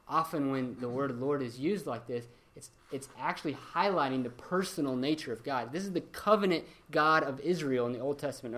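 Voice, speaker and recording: A young man teaching a church Bible class in a conversational way, with many ums and restarts. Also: mid-range voice.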